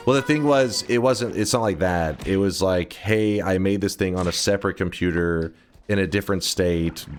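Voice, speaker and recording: A man streaming, telling a rambling, profane story in casual chat. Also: low-pitched. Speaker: gaming streamer.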